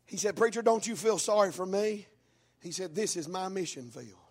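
A man preaching a fiery sermon in church, telling a story with a preaching cadence that rises into shouts. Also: high voice, breathy edge. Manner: preaching cadence, rising into shouts, drawn-out words.

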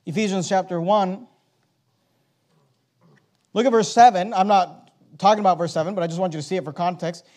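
A man with a very high voice delivers an emphatic sermon. He leans hard on key words and puts rhetorical questions to his listeners, pausing to read verses aloud. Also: fairly even intonation, darkish tone. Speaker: preacher.

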